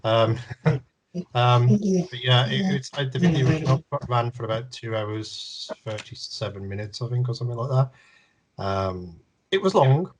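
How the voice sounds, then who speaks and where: A man's voice: medium pitch, expressive, measured pace, a little hiss or hum, rough recording. A man chatting casually on a video call, rambling with lots of fillers and jokes. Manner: rambling, filler-heavy, jokey. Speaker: film director.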